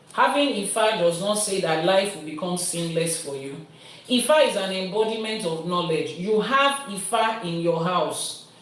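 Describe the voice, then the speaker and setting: A Nigerian woman, an Ifa priestess, patiently explains and answers viewer questions in a live-streamed teaching, building her points through everyday analogies. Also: fairly low pitch. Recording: very echoey room, voice from a distance.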